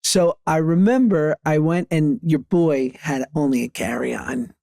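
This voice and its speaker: A man's voice: fairly high pitch, a little slow, creaky, dark tone, no echo, studio quality. A man in his thirties telling casual anecdotes on a podcast, often laughing through his stories. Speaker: podcast co-host. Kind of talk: casual chat.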